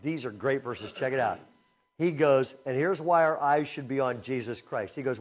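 A man preaching a sermon in a conversational style, energetic and swinging between loud emphasis and quiet asides. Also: fairly high pitch, fairly quick. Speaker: speaker at a camp teaching session.

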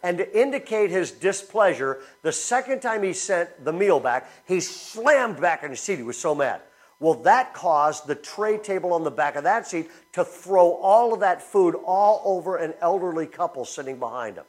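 A man's voice: high voice, moderate pace. A man preaching a sermon as pastor, telling stories and asking the congregation questions. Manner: storytelling, animated, asks the congregation questions.

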